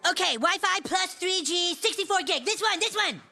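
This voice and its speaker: A man acting out a spoiled, greedy young boy with a squeaky, snotty voice while pitching a scene. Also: expressive, normal speed, vocal fry, pushed and bright, heavily acted. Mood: eager.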